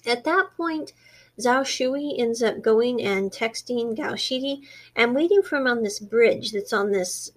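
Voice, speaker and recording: Woman, slightly high voice, chatty drama recapper, quiet quoted lines. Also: measured pace. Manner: chatty, animated storytelling, quiet quoted dialogue. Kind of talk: casual retelling of a drama plot.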